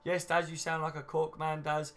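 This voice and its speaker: A man's voice: fairly high pitch, completely flat delivery, moderate pace, a bit bright. Chatty man hosting a live stream. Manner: chatty, rambling, frequent ums and "you know what I mean". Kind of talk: casual live-stream chat reading viewer comments.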